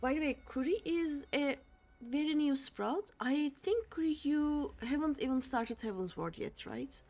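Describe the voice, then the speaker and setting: A woman's voice: sits high, measured pace, darkish tone, faint music behind. A young woman streaming a game, chatting casually to her viewers in a rambling way with many fillers and restarts. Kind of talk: casual chat while playing a game.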